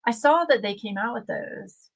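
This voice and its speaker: A woman's voice: a little high, lively intonation, normal speed, gravelly, poor audio. A woman hosting a casual livestream, chatting and reading viewer comments aloud. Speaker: livestream host.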